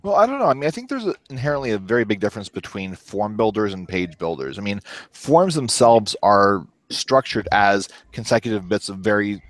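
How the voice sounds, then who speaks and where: Low-voiced man, dry close sound. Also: expressive, a little fast, fairly bright tone, no echo. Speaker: panel guest. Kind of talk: casual podcast discussion.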